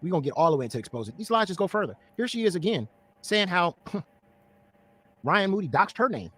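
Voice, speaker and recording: A man's voice: sits high, big pitch swings, fairly quick, a bit bright, husky. A man giving mocking, accusatory commentary while exposing someone in a video.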